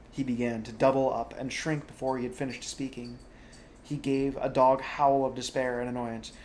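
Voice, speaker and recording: A man's voice: mid-range voice, little pitch movement, normal speed. A man reading a bedtime story aloud, now and then adding chatty asides to the listener.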